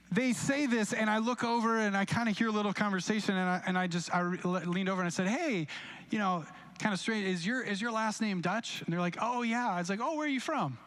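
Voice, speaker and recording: A young male pastor delivers a sermon live in a church with a fairly high voice. He talks in a relaxed, conversational way, slipping into quoted voices as he tells stories from his own life. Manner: conversational storytelling with acted-out quotes. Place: church sanctuary, recorded live.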